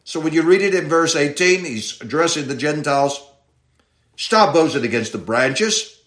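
A man teaching a Bible passage verse by verse in sermon style, reading slowly and stressing key words. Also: a little high, expressive, a bit bright, roomy sound. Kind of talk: expository sermon.

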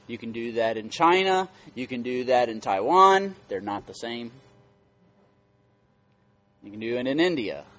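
A man preaching as a pastor, teaching scripture emphatically, repeating key words and quizzing his listeners. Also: mid-range voice. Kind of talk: interactive Bible teaching.

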